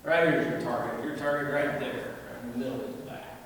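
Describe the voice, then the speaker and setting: A man's voice: mid-range voice, fairly even intonation, fairly quick, fairly bright tone, a little hiss or hum. A man teaching a martial arts class, coaching students through drills and calling out counts with playful asides. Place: large indoor training hall. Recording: roomy echoing hall, mic far off.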